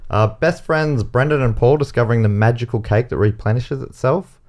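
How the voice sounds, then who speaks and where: A man's voice: medium pitch, fairly quick, a little mellow. An Australian man hosting a comedy game show podcast, reading out answers and joking with guests, often laughing. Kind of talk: casual podcast banter. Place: podcast studio.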